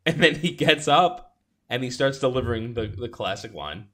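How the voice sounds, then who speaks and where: A man co-hosting a podcast, chatting casually about a movie, animated and often restarting his sentences. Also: mid-range voice, moderate pace. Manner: animated, restarts often, acts out quoted lines. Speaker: podcast co-host.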